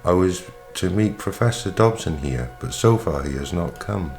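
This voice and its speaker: A man's voice: deep voice, expressive, normal speed, a little mellow, soft background music. A man reading the part of a polite, somewhat hesitant male professor.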